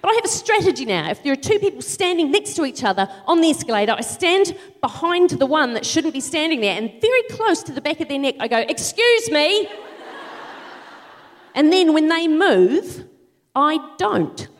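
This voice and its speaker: A middle-aged woman doing live stand-up comedy, ranting in exasperation with sudden shouted outbursts. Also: sits high, big pitch swings, fairly quick. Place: large theatre stage. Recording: live theatre with long reverb.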